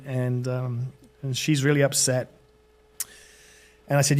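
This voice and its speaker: A man's voice: mid-range voice, flat delivery, measured pace, long pauses. A middle-aged British man, a podcast guest, telling a long story with many fillers and restarts. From Britain. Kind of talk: storytelling in interview.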